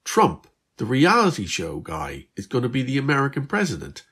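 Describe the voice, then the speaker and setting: A man's voice: huge pitch swings, moderate pace, a bit bright, slightly rough, heavily acted. A man voicing Liz, a bewildered Irish teenage girl who gets upset easily, in a raised, pleading voice. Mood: disbelieving. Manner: shocked, pleading, high-pitched.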